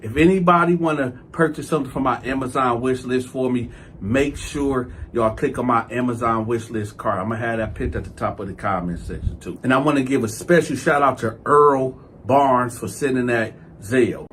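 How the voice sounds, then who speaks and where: A man hosting his own channel, telling a story in an animated, slangy way. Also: medium pitch, normal speed, slight background noise. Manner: animated, slangy, acts out sounds. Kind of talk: casual storytelling.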